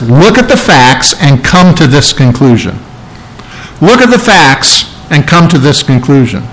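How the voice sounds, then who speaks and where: A pastor with a fairly high-pitched, fairly bright voice preaches a sermon, teaching earnestly and emphatically. He stresses key phrases by repeating them, and the recording quality is low.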